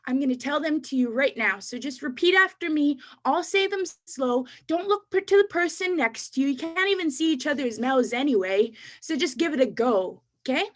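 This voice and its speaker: A woman's voice: high-pitched, animated, normal speed, few pauses. A Canadian woman, a poet and educator, reciting rhyming spoken word poetry and coaching listeners to repeat words after her. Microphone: online webinar mic.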